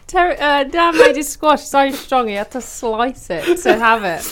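A woman's voice: high-pitched, lively intonation, a little slow, crowd noise. A woman co-hosting a podcast in casual chat, teasing and laughing. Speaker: podcast co-host.

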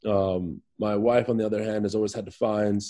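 A man's voice: lowish voice, steady tone, fairly quick, dark tone. A man from Virginia, a soccer player guesting on a podcast, talking in an easygoing, rambling way with lots of fillers. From Virginia, USA. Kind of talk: casual interview chat.

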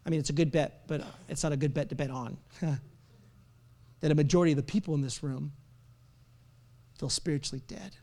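A man, a pastor, preaching a sermon to a congregation, acting out his listeners' inner voices and swinging between hushed whispers and loud, emphatic outbursts. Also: a little high, fairly even intonation, fairly quick, pauses often. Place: church service before a live congregation.

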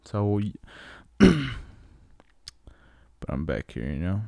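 Gravelly laid-back young man. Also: sits low, lively intonation, takes it slowly, a little mellow, no room sound. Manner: laid-back, slangy, swearing. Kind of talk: casual chat.

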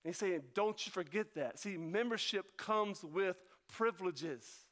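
High-voiced excitable preacher man. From North Carolina. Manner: fast-talking, excitable preaching with sudden slow emphasis. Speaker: pastor. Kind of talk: sermon.

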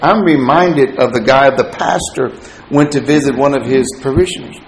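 A man preaching a sermon, telling stories with lively swings from quiet asides to loud, excited punchlines. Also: mid-range voice, moderate pace, echoey room, a little hiss or hum, rough recording.

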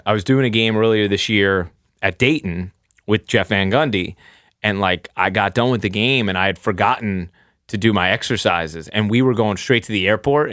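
A man's voice: fairly low pitch, a bit bright, no room sound, studio quality. A young man who does sports play-by-play, chatting on a podcast in a rambling, self-deprecating way. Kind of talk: casual podcast chat.

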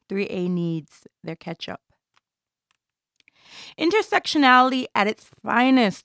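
Gravelly-voiced woman performing a theatrical monologue. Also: on the high side, big pitch swings, slow, long pauses, fairly bright tone, dry recording, clean studio sound. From Jamaica. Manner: intense and theatrical. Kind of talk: dramatic spoken-word monologue.

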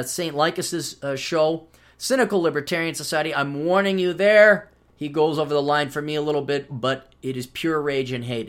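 A man's voice: fairly high pitch, a bit bright. A man hosting a solo podcast, ranting in a sardonic, profane way and slipping into mocking voices for quoted asides. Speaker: podcast host.

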